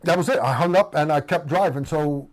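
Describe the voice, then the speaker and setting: A man's voice: a little high, brisk. A man in his forties hosting a casual livestream, rambling with lots of fillers and restarts. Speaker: host.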